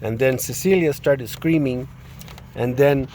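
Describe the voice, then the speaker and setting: Man giving a halting, earnest testimony. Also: medium pitch, darkish tone, slight background noise. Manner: halting, with frequent restarts and repeated words; earnest and distressed. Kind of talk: personal testimony, spoken retelling.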